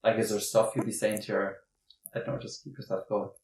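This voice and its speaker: A man's voice: fairly low pitch, fairly even intonation, fast talker, darkish tone. A young Irish man hosting a podcast, asking easygoing questions in a casual chat. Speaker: podcast host.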